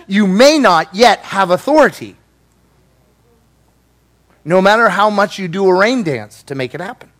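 Lively animated male preacher. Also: high-pitched, a little slow, pauses often. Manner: animated and playful, acting out voices. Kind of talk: sermon.

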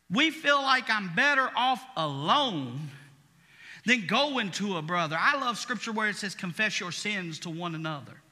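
A male pastor preaching a sermon, swinging from quiet, intimate passages to shouted praise. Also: very high-pitched, big-room sound.

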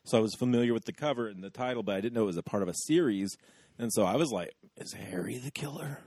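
A man's voice: fairly low pitch, fast talker, darkish tone, breathy edge, dry recording, clean studio sound. A man co-hosting a podcast, chatting wryly in a casual movie review. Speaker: podcast co-host.

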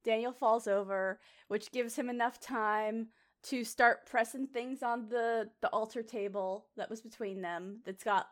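A woman co-hosting a casual podcast about a TV episode, giggly and excitable. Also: a little high. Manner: giggly, excitable, quick to laugh. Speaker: podcast co-host. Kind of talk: casual chat reviewing a TV episode.

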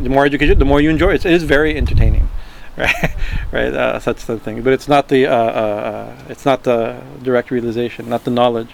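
A man teaching a spiritual class, reading a religious text aloud and breaking off into loose, halting storytelling full of restarts. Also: medium pitch, gravelly, low-quality recording.

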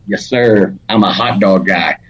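Husky Alabama pitmaster, laid-back talker. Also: male voice, fairly low pitch, a little slow, highs cut off. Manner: animated and laid-back, sprinkled with "man" and "dude". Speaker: competition barbecue pitmaster, guest. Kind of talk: casual podcast interview.

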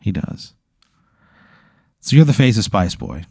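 A man with a fairly low, mellow voice leads an improvised story, rambling and packing in fillers. The sound is dry and close. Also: big pitch swings, measured pace, creaky, husky, dry recording. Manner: rambling, filler-heavy narration. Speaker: game master of an improv bit.

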